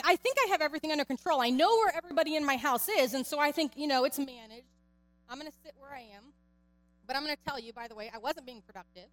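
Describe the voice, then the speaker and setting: A church speaker in her thirties talks to her congregation directly, weaving an honest family story into a conversational sermon in the sanctuary. Her voice sits high and a bit bright, trailed by a long reverb.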